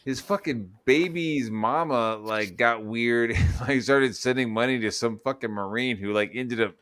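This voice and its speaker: A man's voice: mid-range voice, moderate pace, a bit bright, smooth. A man hosting a podcast in crude casual chat, swearing often, laughing and doing mocking impressions. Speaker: podcast host.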